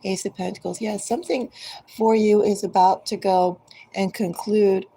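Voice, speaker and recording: A woman giving a collective tarot reading, speaking directly to each zodiac sign in an unhurried, musing way. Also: mid-range voice, steady tone, dark tone, a little hiss or hum, poor audio. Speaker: tarot reader.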